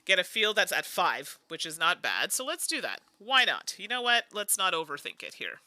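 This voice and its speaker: A woman from Canada talks her way through a solo board game, chatting to viewers between moves. Her voice is very bright and lively, with lots of pitch movement. The sound is close and dry. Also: moderate pace, dry recording. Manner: thinks aloud while playing, chatty asides to viewers. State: tired. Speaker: host.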